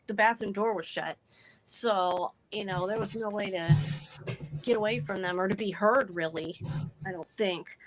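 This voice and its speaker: A woman's voice: on the high side, fairly bright tone, slight background noise, rough recording. Earnest woman telling a personal story. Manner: halting, earnest, restarts often. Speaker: podcast guest.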